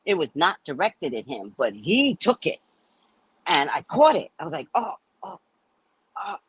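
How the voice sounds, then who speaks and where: Host brief: woman, husky, lively storyteller, swears freely. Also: low voice, normal speed, no room sound. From United States. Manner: animated, profane, acts out the people in her stories. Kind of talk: casual storytelling.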